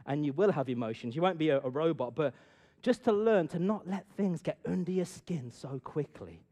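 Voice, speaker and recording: A middle-aged man tells a story to a room and draws a gentle lesson from it. His voice sits a little high and leaps about, jumping from loud bursts down to near-whispered asides. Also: normal speed. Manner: animated, swings from loud bursts to hushed asides. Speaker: speaker addressing an audience. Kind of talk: storytelling talk with a moral.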